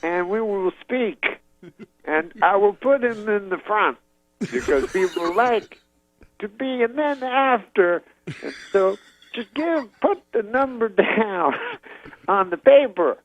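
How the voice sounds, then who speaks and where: A man's voice: sits high, expressive, takes it slowly, no echo, pitched above the performer's own voice, heavily acted. A man doing a clipped, grand older comedian. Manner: talks in short fragments, not full sentences. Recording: dull lo-fi audio.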